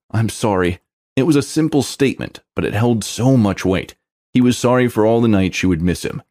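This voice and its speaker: Story narrator, man, low-pitched, expressive scripted read with animated pitch.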